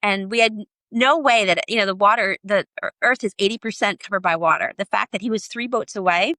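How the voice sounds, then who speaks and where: Animated woman telling a sailing story. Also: medium pitch, fairly quick, no echo. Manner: animated, acts out quoted voices. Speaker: podcast guest, sailor and author. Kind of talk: storytelling in an interview.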